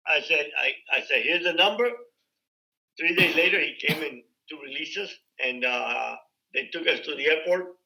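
A man's voice: fairly high pitch, normal speed, creaky, pushed and bright, low-quality recording. A man telling his own story in a loose, conversational way, with frequent fillers and acted-out quoted dialogue. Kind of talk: casual spoken storytelling.

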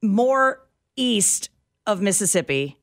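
A woman co-hosts a radio talk show in casual banter. She talks in an animated, gushing way, with a very lively pitch. Her voice sits in a middle range. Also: takes it slowly, dry recording, studio quality.

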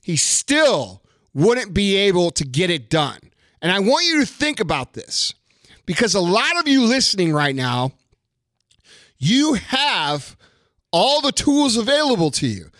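A young man telling a story and ranting to his listeners, heated and profane, building into a forceful lesson. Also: sits high, very animated, measured pace, no room sound. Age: young adult.

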